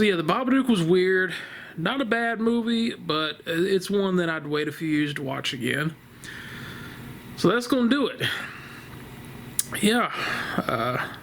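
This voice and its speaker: A man's voice: sits high, animated, measured pace, vocal fry, pauses often, fairly bright tone, a little hiss or hum. A man casually reviewing a horror movie from his couch at home, rambling and laughing, blunt and profane. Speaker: vlogger reviewing a horror film. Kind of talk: casual spoken film review. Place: living room couch at home.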